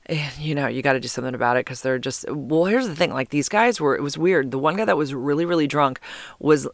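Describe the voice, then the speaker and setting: A man's voice: on the high side, brisk, a bit bright, no echo. A man hosting a podcast from home, telling a long story in a rambling, chatty way with lots of fillers. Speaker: podcast host. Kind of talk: casual storytelling. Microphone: podcast mic.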